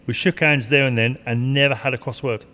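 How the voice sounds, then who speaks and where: A man's voice: mid-range voice, steady tone, brisk, pushed and bright. An older man, a retired stock car driver, telling rambling racing stories with laughs and swearing. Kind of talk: casual storytelling interview. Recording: long hall reverb.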